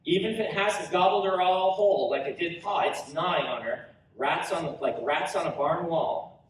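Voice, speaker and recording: A man's voice: on the high side, normal speed, recorded from a distance, slight background noise, natural voice. A man voicing a scrappy, mischievous eleven-year-old boy with a joking, slangy drawl, read aloud at a convention panel. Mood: worried. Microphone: audience recorder in front row. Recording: roomy hall recorded from audience.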